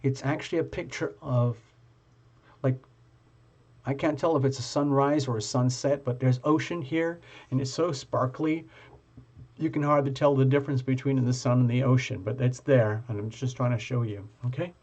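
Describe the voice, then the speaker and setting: A man's voice: medium pitch, steady tone, moderate pace, darkish tone. A man hosting a casual live-stream tarot reading, talking to his viewers in a chatty, playful way.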